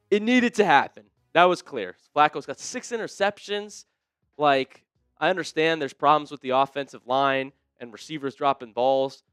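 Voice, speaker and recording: A man hosting a live sports talk stream, chatting excitedly with viewers and a co-host. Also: clean tone, no room sound, studio quality. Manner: excitable, jumps up in pitch when fired up. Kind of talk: livestream sports chat.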